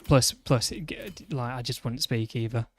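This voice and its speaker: Streaming a racing game, a young Yorkshireman from northern England chats bluntly and teases a friend, often restarting his sentences. His mid-range voice holds a steady tone at a moderate pace, with no room sound.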